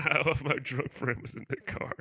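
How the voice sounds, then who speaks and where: A man's voice: mid-range voice, fairly even intonation, normal speed, pushed and bright, no room sound. A young man co-hosting a podcast, telling stories in a loose, crude, slangy way with frequent laughter. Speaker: podcast co-host. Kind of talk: casual chat.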